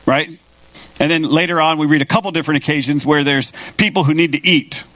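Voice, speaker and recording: A man's voice: on the high side, steady tone, a little fast, a bit bright, no room sound. A man preaching a sermon as pastor, talking casually and with animation, paraphrasing scripture in an everyday voice.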